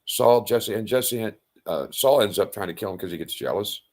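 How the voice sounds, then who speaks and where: A man retelling an old story in casual, animated talk, with loud sound-effect outbursts and blunt profanity. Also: on the low side, moderate pace. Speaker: self-styled faith speaker.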